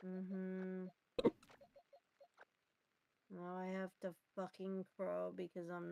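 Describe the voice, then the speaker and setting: Woman gamer, low-pitched, slow and gravelly, mutters and swears, with music behind her. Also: monotone, warm tone. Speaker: co-player on stream. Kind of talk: casual gaming chat.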